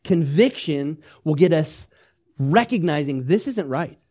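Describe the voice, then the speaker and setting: A male pastor delivers a sermon in a voice pitched a little high for a man. He swings between loud, urgent emphasis and soft, tender asides, and keeps drawing the congregation in with questions and calls to repeat after him. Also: expressive, measured pace. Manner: asks the congregation questions and leads them in repeating phrases.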